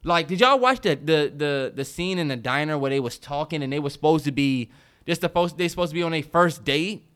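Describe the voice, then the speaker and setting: A man's voice: fairly high pitch, animated, a little fast, a bit bright, clear, resonant tone. A man co-hosting a podcast, riffing in casual chat with emphatic, profane opinions. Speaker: podcast co-host.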